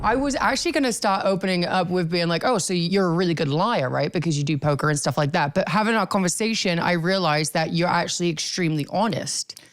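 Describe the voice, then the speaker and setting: A woman hosting a podcast interview, opening the show and questioning her guest with curious, quick reactions. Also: fairly low pitch. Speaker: podcast host. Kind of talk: casual interview chat.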